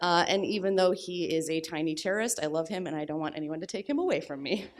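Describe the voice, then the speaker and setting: A young adult woman telling a personal story at a live storytelling event, blunt and crude with deadpan humor. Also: fairly low pitch, quick pace.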